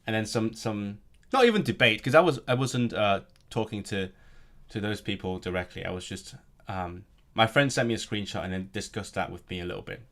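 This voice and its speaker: A man with a lowish voice chats on a live stream. He rambles, restarts his sentences often and keeps an easy, casual flow. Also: a little fast, a bit bright. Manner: rambling, chatty, many restarts. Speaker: language streamer.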